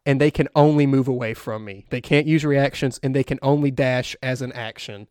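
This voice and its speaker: Male player, relaxed, step-by-step action calls, dry close sound. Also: medium pitch, brisk, dry recording. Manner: easygoing, describes actions step by step. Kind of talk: tabletop role-play chat.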